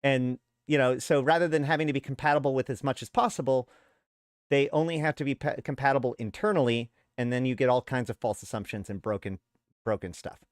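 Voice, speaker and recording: A man's voice: mid-range voice, a little fast, no echo, studio quality. A man hosting his show, telling a frustrated story in a casual rant and acting out what other people told him. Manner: animated storyteller, acts out others' replies. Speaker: show host. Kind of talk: casual rant to a live audience.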